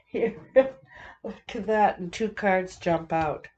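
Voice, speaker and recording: A woman giving a casual tarot reading, thinking aloud in a halting, musing way with many fillers. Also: mid-range voice, darkish tone, a little hiss or hum. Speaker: tarot reader.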